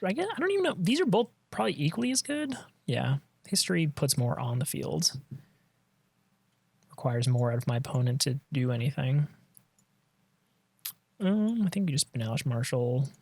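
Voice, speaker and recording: A man's voice: fairly high pitch, sing-song, moderate pace, creaky, long pauses, darkish tone, breathy edge, no room sound. A man giving casual commentary on his own card game match, thinking aloud and trailing off mid-sentence, on a close desk mic.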